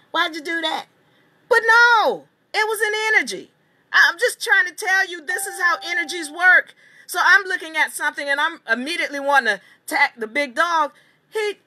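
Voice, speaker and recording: Bright, animated woman telling a story. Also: very high voice. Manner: animated, emphatic, swears casually. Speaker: seminar teacher. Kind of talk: storytelling lecture.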